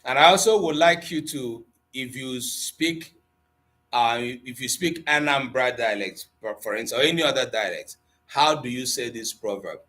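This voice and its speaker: A man with an Igbo accent runs a live online class, switching between English and Igbo as he reads out viewer comments. His manner is playful, with frequent chuckles and gentle teasing of his students. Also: mid-range voice, normal speed. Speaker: Igbo language teacher.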